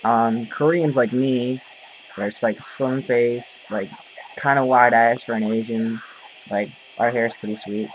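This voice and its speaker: Man, casual vlog rant, mid pitch, rambling, profane, filler-heavy, faint background hiss. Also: fairly even intonation, a little slow, low-quality recording. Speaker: vlogger. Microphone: camera mic.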